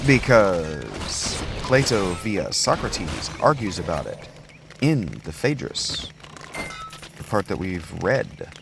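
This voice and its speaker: A man's voice: low-pitched, slow, gravelly, music in the background. A man giving casual, joking gameplay commentary, rambling with lots of filler sounds as he plays. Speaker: gaming video host. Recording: steady background noise.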